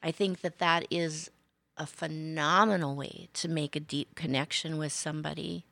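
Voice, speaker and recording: A woman co-hosting a casual podcast, giving earnest, measured opinions. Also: deep voice, steady tone, creaky, sharp tone, no echo. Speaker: podcast co-host.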